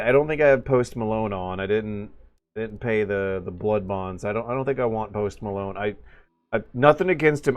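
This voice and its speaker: A man casually commentating a live game stream, rambling and joking as he goes. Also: mid-range voice.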